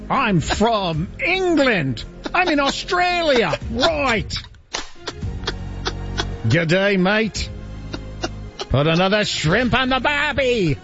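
Brief: a loud caricature bloke spouting slang in a clumsy, overdone accent, as a radio host puts him on, pitched high. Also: male voice, full character voice. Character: brash man spouting English and Australian slang. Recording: dull lo-fi radio audio.

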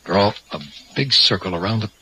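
A man's voice: lowish voice, moderate pace, sharp tone, a little hiss or hum, rough recording. An actor playing a nervous young man caught up in a ritual in a radio drama, hesitant and uneasy, often talking to himself. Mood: musing.

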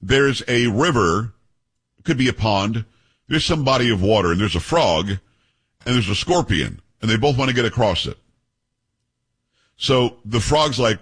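Husky talk radio guy, opinionated, ranting and telling stories. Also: medium pitch, lively intonation, a little slow, pauses often, a bit bright. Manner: emphatic, storytelling, rhetorical questions. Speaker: radio talk show host.

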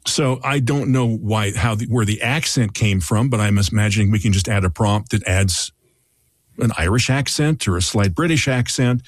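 A man's voice: on the low side, normal speed, no echo, clean studio sound. Reflective male podcast host. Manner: reflective, thinking aloud. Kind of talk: casual podcast chat.

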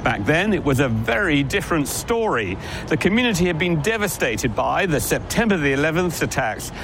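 Lively male reporter on a city street. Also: a little high, moderate pace, background noise. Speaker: news reporter. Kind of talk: field news report.

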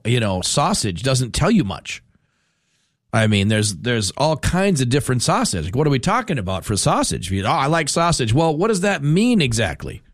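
Animated rambling talk radio host. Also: male voice, medium pitch, no room sound, clean studio sound. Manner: animated, rambling and self-mocking. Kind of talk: casual talk radio monologue. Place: radio studio. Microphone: studio microphone.

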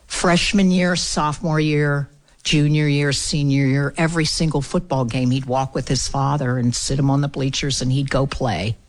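A woman's voice: a bass voice, steady tone, normal speed. Earnest woman telling a story. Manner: earnest, storytelling with quoted dialogue. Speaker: guest speaker. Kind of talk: storytelling talk.

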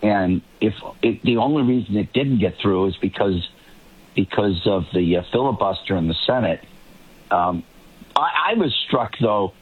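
A man's voice: lowish voice, animated, moderate pace, slightly rough. A man from the Boston area giving emphatic commentary as a guest on a political panel, often restarting and repeating words. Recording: tinny remote line.

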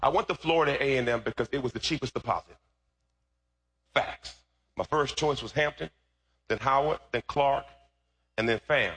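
A man pastor preaching a sermon, telling a story and then rising into shouted preaching. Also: medium pitch, normal speed, long pauses, husky.

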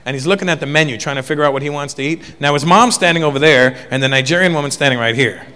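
A man telling a stand-up story in an animated way. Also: a little high, racing, clear, resonant tone. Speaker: stand-up comedian. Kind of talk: stand-up routine. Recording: distant, reverberant stage.

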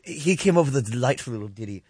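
A man's voice: mid-range voice, lively intonation, quick pace, a little mellow, slightly rough, no room sound. Mock-earnest man co-hosting a comedy show. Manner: mock-earnest and overly polite, with frequent repeats and restarts. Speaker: co-host. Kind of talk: improvised comedy call-in show banter.

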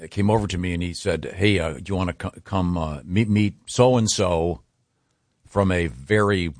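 A man hosting a radio show, telling a story in a rambling, halting way with plenty of fillers. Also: sits low, dry recording, studio quality. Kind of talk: casual morning show banter.

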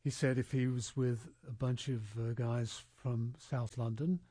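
A man's voice: medium pitch, steady tone, unhurried, mellow, husky, dry recording. A man hosting a casual radio talk show with guests, speaking thoughtfully with many fillers and restarts. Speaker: radio host.

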